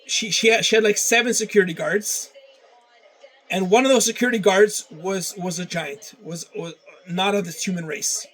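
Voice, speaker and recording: A man's voice: high-pitched, moderate pace, a bit bright, poor audio. A man ranting casually to camera, often stammering and repeating words, with plenty of swearing. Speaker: vlogger.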